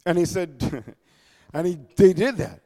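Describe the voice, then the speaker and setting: A man preaching a sermon in a sing-song cadence, reading scripture and breaking into shouted, mocking asides with frequent "amen". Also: high voice, measured pace, in a large hall.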